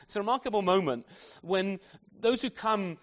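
Male preacher, sermon, rhetorical questions, fairly high-pitched, emphatic. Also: moderate pace. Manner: addresses children in the congregation.

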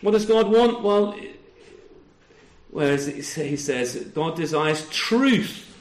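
A man's voice: on the high side, lively intonation, slow pace. A man preaching a sermon to his congregation, asking rhetorical tag questions and adding dry self-deprecating humor. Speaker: pastor. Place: church service. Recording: roomy echo.

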